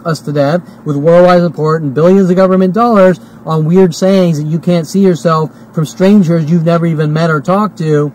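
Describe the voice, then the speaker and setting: A man's voice: high voice, a little mellow, low-quality recording. Agitated ranting man in his forties. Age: 40s. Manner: agitated, repetitive, swearing. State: hiccuping and burping. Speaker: vlogger. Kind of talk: ranting monologue to camera.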